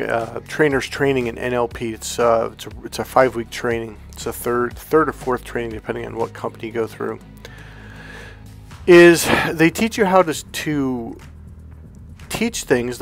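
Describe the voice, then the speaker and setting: A man hosting his own channel as a self-help coach, talking to camera in a relaxed, rambling way that keeps checking in with "okay?". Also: mid-range voice. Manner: rambling and conversational, with restarts and "okay?" check-ins; calm, relaxed, comfortable delivery. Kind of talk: casual direct-to-camera talk.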